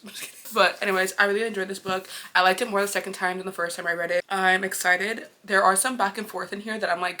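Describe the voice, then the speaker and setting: A woman's voice: medium pitch, steady tone, fast talker, few pauses, bright, forceful tone. A young woman in her twenties chatting casually about books in a vlog, gushing and joking at herself. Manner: chatty, gushing, self-mocking. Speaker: book vlogger.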